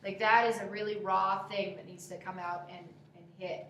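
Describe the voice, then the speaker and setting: In an echoey room with faint background noise, a woman gives students direct acting notes, critiquing a scene aloud and demonstrating how lines should be delivered. Her mid-range voice is steady and fairly bright, at a moderate pace.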